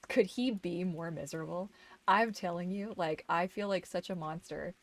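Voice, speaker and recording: A woman's voice: lowish voice, moderate pace. A woman chatting casually while streaming a game, slipping into doting baby talk to her dog. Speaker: gaming streamer. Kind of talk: casual gameplay chat.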